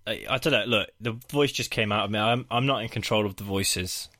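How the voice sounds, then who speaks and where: A man's voice: fairly low pitch, fairly quick, bright, forceful tone. A man, co-hosting a film podcast in casual chat, swearing freely and restarting his sentences. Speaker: podcast co-host.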